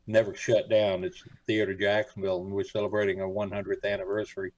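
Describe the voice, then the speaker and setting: Against a noisy background, an older man from Florida speaks quickly in a level, lowish voice. He is a guest on a radio show, and his relaxed interview chat drifts through homespun stories packed with filler words.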